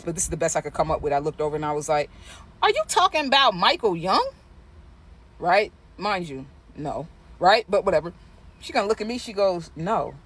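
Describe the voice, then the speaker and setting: A vlogger telling a gossipy story casually, swearing freely with animated asides. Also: medium pitch.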